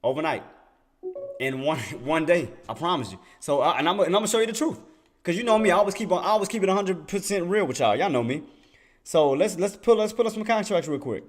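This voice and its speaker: A young adult man, a day trader, streams casual, emphatic commentary on trading charts during a screen share, repeating himself and throwing rhetorical questions at viewers. His voice is high and animated, and his pace is quick.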